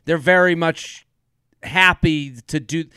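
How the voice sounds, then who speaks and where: A man chatting as a podcast co-host, his voice sitting a little high and sounding smooth and clean. He rambles and jokes, laughing easily between points. The recording is dry, with no room sound at all. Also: steady tone, slow pace, pushed and bright, dry recording. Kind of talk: casual chat.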